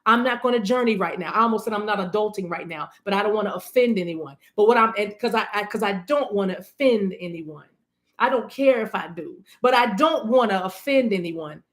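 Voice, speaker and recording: A woman's voice: medium pitch, brisk. A woman giving an intuitive love reading in a fervent, preachy way, repeating phrases for emphasis and now and then breaking into tongues. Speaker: spiritual reader.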